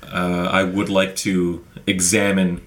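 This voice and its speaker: A man playing a tabletop game, calmly saying what his character does. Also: low voice, slow. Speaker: player. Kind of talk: casual tabletop play.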